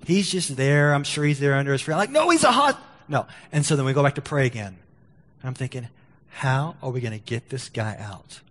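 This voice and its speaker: In a large church sanctuary, a male pastor with a mid-range voice preaches fairly quickly. He tells a story full of stammered restarts and lively, acted-out quotes, then moves into leading a prayer.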